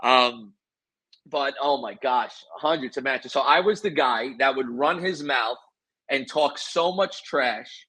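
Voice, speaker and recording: A man swapping wrestling stories with lively, boastful energy. He sounds dry and close to the mic, with a voice of middling pitch. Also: slow pace, husky, no room sound, rough recording. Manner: animated, boastful storyteller. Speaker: guest, former pro wrestler. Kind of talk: casual interview storytelling.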